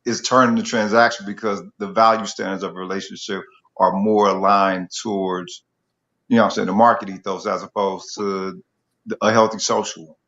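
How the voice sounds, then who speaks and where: A man's voice: fairly low pitch, level tone, fairly quick, a bit bright. A man in a casual chat who asks probing questions and tosses in playful interjections. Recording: muffled lo-fi sound.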